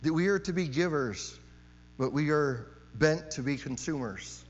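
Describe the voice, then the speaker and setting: A man's voice: on the high side, animated, unhurried. Emphatic preacher man in a reverberant hall. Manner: emphatic, repeats key phrases, frequent rhetorical "right?". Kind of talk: sermon. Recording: long hall reverb, dull sound, mains hum.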